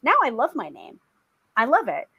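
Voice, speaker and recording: A chatty young woman tarot reader hosting her weekly live stream. She speaks in a fairly high voice, rambling casually with plenty of fillers and quick laughs. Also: sing-song, pushed and bright, husky, lo-fi sound. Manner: chatty, laughs often, many fillers and restarts.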